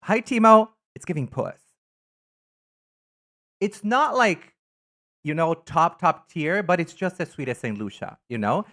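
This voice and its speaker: A man chatting casually on a live stream, camp and animated, greeting viewers by name while he ranks things. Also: on the high side, measured pace, pauses often. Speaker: live streamer reading chat. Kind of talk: casual live-stream chat ranking items.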